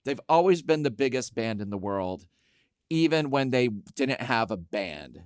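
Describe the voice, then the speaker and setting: Relaxed male podcast host. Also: medium pitch, a little slow, smooth, no room sound, studio quality. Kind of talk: casual podcast chat.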